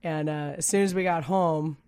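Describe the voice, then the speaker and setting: A woman co-hosting a radio talk show, her voice husky from a cold, chatty and quick to laugh, sometimes stumbling over her words. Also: sits low, steady tone, darkish tone. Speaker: real estate agent and co-host. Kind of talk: casual radio chat. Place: radio studio.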